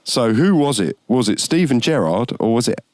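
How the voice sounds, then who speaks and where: A man's voice: medium pitch, lively intonation, moderate pace, a little mellow, no echo. A British man chats casually as host of an online stream. He rambles through his anecdotes and laughs as he goes. The recording is dry, with no room sound. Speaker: band member hosting a stream. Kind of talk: casual chat.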